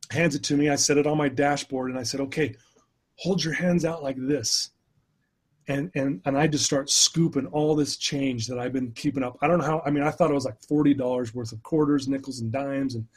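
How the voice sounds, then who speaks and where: A middle-aged man appearing as a podcast guest tells a personal story earnestly and emotionally, often restarting his sentences. His voice is medium-pitched with a breathy edge.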